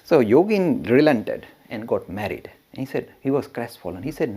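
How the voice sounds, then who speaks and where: Man, religious teacher, storytelling lecture, chuckles and asides, husky voice, very lively pitch. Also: moderate pace. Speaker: religious educator.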